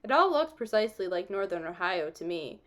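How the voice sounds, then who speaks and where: A woman reading a novel aloud, telling the story steadily and giving the characters gentle voices. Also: medium pitch, very animated, fairly quick. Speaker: audiobook reader.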